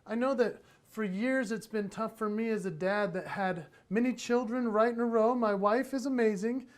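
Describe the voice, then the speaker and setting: Upbeat male conference speaker with a fairly high voice; animated storyteller who acts out moments. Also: moderate pace. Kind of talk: motivational storytelling talk.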